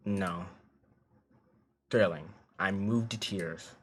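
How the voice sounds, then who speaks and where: A man's voice: low-pitched, drawn-out words, slightly rough, pitched below the performer's own voice, exaggerated voice. A man doing a bitter, sneering young guy. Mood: scornful. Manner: sneering, clipped, sarcastic.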